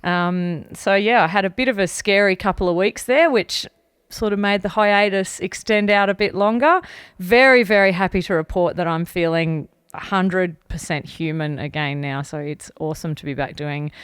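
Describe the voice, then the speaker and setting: A woman's voice: lowish voice, normal speed, a bit bright, clean tone, no room sound, clean studio sound. A young adult woman, co-hosting a podcast in a candid, casual chat, laughing often. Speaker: podcast co-host.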